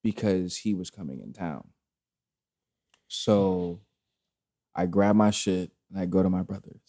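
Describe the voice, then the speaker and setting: A man with a low, dark-toned voice speaks a little slowly. He's a podcast guest chatting casually, rambling through a long personal story thick with fillers and profanity.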